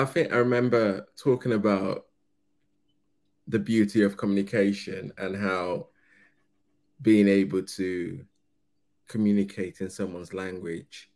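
A man hosting a reaction video, giving earnest, musing commentary with frequent restarts. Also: sits low.

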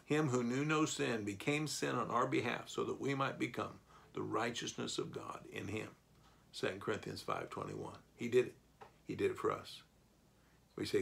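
A man teaching a Bible lesson, reading verses and explaining them, rising to loud bursts for emphasis. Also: mid-range voice, normal speed, gravelly.

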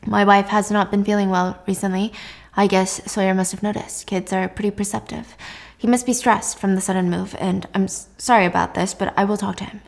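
A woman voicing a controlling father who speaks formally and never raises his voice, making calm veiled threats. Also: mid-range voice, brisk, gravelly, close to an everyday voice. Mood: cold. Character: cold controlling father, a doctor.

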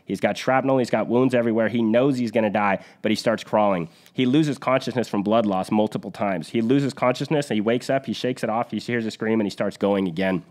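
Host type, male, lowish voice, earnest storyteller, retells combat events vividly, talks it through with restarts. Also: fairly quick, hardly any pauses, a little mellow. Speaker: podcast host. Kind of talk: conversational war storytelling.

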